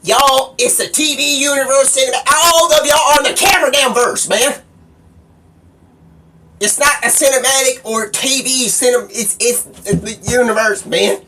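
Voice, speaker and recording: A man streaming live, rambling excitably and swearing a lot, sometimes shouting. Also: extremely high pitch, moderate pace. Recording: distant mic with faint background noise.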